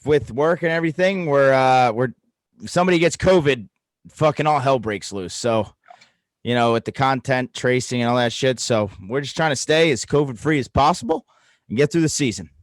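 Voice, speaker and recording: A man's voice: mid-range voice, normal speed, dry recording. A man co-hosting a podcast over a call, easygoing and rambling with fillers and the odd swear. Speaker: podcast co-host, coach. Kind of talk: casual chat over video call. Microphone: video call setup.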